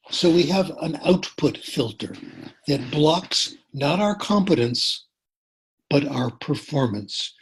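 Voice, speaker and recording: Older male lecturer, voice extremely husky, mid pitch, unhurried, emphatic repetition, wry. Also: poor audio. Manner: deliberate, repeats phrases for emphasis, dry humor. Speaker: language education lecturer. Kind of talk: informal lecture.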